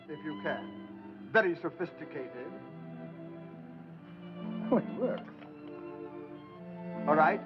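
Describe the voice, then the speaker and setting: An actor playing a fussy, pompous screen-test director who coaxes briskly and condescendingly. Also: male voice, fairly high pitch. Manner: brisk, condescending, "old boy" coaxing. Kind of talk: 1940s film acting. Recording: dull old film soundtrack with music.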